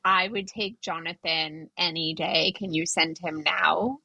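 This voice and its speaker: A woman's voice: on the low side, fairly even intonation, unhurried, creaky, bright, forceful tone, husky, dry recording, highs cut off. A woman on a podcast as a guest doctor, telling self-deprecating stories in a dry, wry way. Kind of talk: casual chat.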